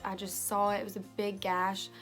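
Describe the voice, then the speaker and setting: A woman's voice: medium pitch, completely flat delivery, moderate pace, a bit bright, soft background music. A young woman telling a personal story in a casual vlog, with many fillers and quoted voices, filmed on a phone. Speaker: vlogger.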